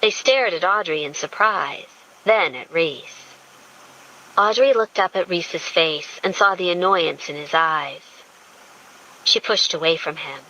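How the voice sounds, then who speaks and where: A woman reading a romance audiobook in a smooth, intimate storytelling manner. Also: fairly low pitch, measured pace, pushed and bright, muffled recording. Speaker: audiobook narrator. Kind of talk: scripted romance narration.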